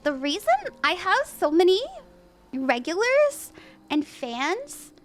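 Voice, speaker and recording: Giggly upbeat woman doing tarot on stream, pretty high voice, faint music behind. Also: big pitch swings, slow. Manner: bubbly, giggly and encouraging. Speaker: tarot reader and livestream host. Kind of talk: casual live-stream tarot reading.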